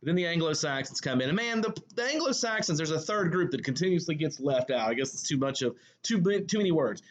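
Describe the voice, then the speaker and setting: A man's voice: a little high, animated, quick pace, few pauses, dull audio. A male English teacher with a Southern US accent giving a recorded lecture. He talks in a conversational way, full of fillers and self-corrections. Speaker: high school English teacher.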